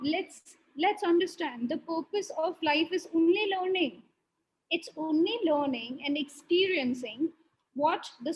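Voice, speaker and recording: High-voiced woman medium relaying messages. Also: slight background noise, poor audio. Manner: relays quotes as "he's saying", laughs often. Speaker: spirit medium. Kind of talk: relaying a spirit's words in conversation.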